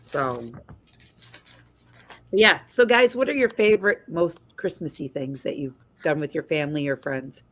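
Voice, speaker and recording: A woman hosting a casual livestream chat, telling a story in a lively way over a video call. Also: low-pitched, unhurried. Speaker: host.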